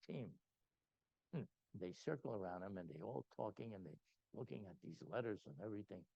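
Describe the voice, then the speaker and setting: An older man telling a lively anecdote at a gathering, acting out voices and laughing often. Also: creaky, no room sound. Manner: animated anecdote teller, acts out quotes, laughs often. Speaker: speaker at a spiritual gathering. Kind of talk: storytelling talk. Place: meeting hall. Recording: dull low-fidelity sound, dry.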